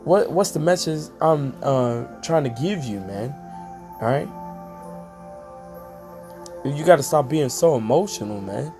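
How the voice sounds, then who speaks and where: A man's voice: fairly high pitch, animated, over music. A man teaching from scripture in a casual, slangy way, breaking off often to ask if his listeners follow. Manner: slangy, drawn-out emphatic delivery, frequent asides. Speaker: street preacher.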